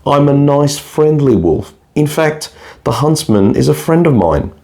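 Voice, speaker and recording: A man voicing a sly, smooth-talking big bad wolf in a bedtime storybook reading, with a falsely friendly, coaxing manner. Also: on the high side, very animated, unhurried, a little mellow, voice pushed up, full character voice.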